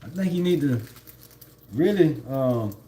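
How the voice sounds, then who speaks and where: A man's voice: on the high side, expressive, measured pace, dark tone, a little hiss or hum. A man, livestreaming from home, rambling in a laid-back way with lots of fillers and laughs. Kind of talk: casual spiritual monologue.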